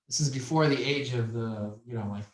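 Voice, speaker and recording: A man's voice: mid-range voice, a little fast, roomy sound, a little hiss or hum, rough recording. A man teaching a business class to a room of young men, telling stories and asking them questions. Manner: animated storyteller, asks the room questions. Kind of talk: lively classroom talk. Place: classroom with audience.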